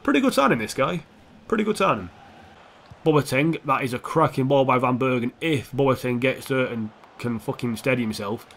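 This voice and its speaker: A young gaming YouTuber gives casual, sweary, sarcastic commentary over a football video game, talking back to the players on screen. His mid-range voice is animated, creaky, and fairly bright at a moderate pace, with a little hiss or hum.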